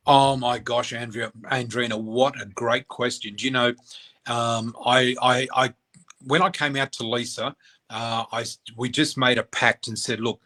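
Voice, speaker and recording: A man's voice: medium pitch, pushed and bright. A middle-aged man telling a personal story as an interview guest, candid and emotional, acting out the voices of people he quotes. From Australia.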